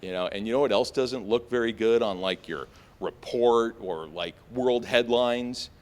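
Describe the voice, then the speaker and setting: At a measured pace, a young man delivers a personal story live on stage. His telling is relaxed and animated, with many fillers, and his voice leaps high as he quotes his own panic.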